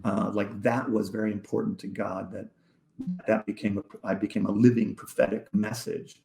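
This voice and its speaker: A man with a low, gravelly voice recounts a deeply personal story as a podcast guest. He speaks haltingly, doubling back on his words and at times sinking almost to a whisper. The sound is roomy and echoey. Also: little pitch movement, darkish tone. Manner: halting, repeats words, drops to near-whisper. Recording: echoey room.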